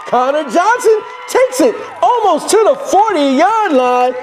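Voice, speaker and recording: A man giving excited, jokey play-by-play over football highlight footage, whooping at big plays. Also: slow pace, a faint crowd, a little hiss or hum.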